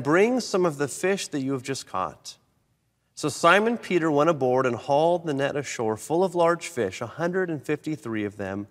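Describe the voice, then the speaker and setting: A man preaching a sermon, animated, swinging between loud emphatic lines and soft low ones. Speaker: pastor. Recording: long reverb of a large hall.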